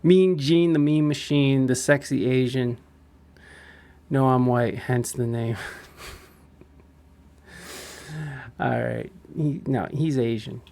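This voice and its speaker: Slow, laid-back man on a casual podcast. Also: medium pitch, dark tone. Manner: laid-back, profane, laughing often. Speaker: podcast host. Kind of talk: casual podcast chat reacting to a clip.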